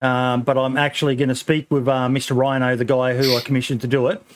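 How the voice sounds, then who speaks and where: A man's voice: mid-range voice, level tone, fast, crowd noise. Australian man, podcast host, loose sweary chat with ums. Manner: swears freely, lots of ums and laughs.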